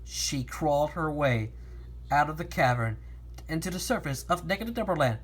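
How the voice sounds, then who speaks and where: Woman reading a kids story, husky, lots of up and down, trips over words a lot. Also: low-pitched, normal speed. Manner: lively, with frequent restarts and stumbles. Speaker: narrator reading a fan story.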